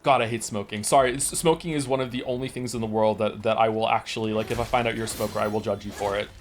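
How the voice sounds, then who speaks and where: A man's voice: fairly low pitch, steady tone, quick pace. A man in his forties from Wales, streaming and chatting casually, telling stories in a rambling, profane way with many restarts. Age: 40s. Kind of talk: casual chat.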